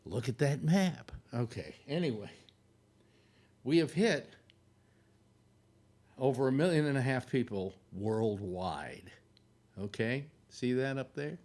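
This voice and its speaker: A man's voice: medium pitch, animated, takes it slowly, pauses often, darkish tone. A man hosting a casual live stream from home, rambling and joking, out of breath and tripping over fillers. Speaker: host of a live online show. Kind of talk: casual livestream talk over a map.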